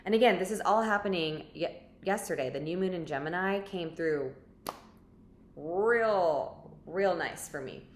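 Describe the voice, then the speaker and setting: A woman's voice: lowish voice, normal speed, few pauses. A woman vlogger telling a story in a chatty, rambling way, full of filler words. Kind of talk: casual storytelling to camera. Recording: echoey room with faint background noise.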